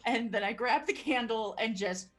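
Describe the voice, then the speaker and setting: A woman playing a tabletop game, animated, describing and acting out her character's actions. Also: a little high, normal speed. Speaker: player.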